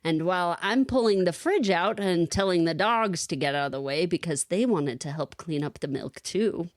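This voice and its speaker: A woman co-hosting a podcast, telling a lively personal story in casual chat and laughing often. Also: fairly low pitch, normal speed, no room sound, clean studio sound. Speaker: podcast co-host.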